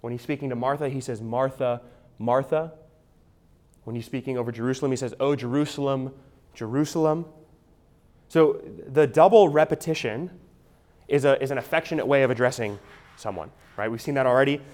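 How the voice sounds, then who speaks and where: A man's voice: mid-range voice, fast, a little mellow. Man preaching conversationally. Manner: conversational teaching, frequent restarts, asks "right?". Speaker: pastor. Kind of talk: expository sermon.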